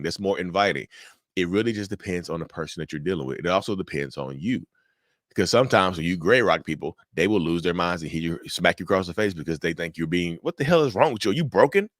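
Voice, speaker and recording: Man, deep-ish voice, dry close sound; casual, direct advice host. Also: no room sound. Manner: direct, repetitive, addresses viewers as y'all. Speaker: mental health channel host.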